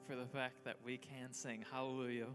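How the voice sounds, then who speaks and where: A man leading an earnest prayer in a church service. His voice stays level, with very little rise and fall in pitch. Instrumental music plays clearly behind him. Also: brisk. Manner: earnest, steady prayer over soft music. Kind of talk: spoken prayer. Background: music playing.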